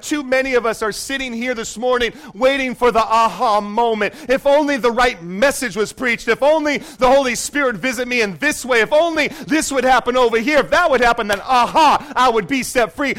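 A man preaching a fervent sermon as pastor in a church, moving from quiet asides to shouted commands. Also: very high-pitched, brisk, few pauses.

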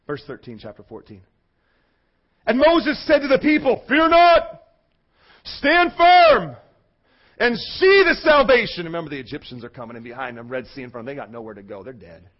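A male pastor preaching a sermon, swinging from loud shouting to a hushed, intense murmur. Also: very high voice, highs cut off.

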